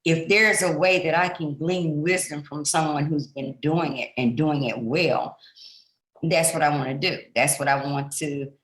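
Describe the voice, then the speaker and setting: A woman's voice: low voice, reverberant, low-quality recording. A woman hosting a podcast as a pastor, speaking in an earnest, chatty way and poking fun at herself in a casual interview.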